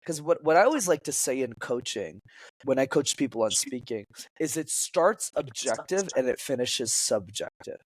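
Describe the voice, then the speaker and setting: A man's voice: mid-range voice, normal speed. A man who coaches public speaking, talking as a podcast guest and acting out quoted lines in changing voices. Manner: animated, acts out quotes in shifting voices.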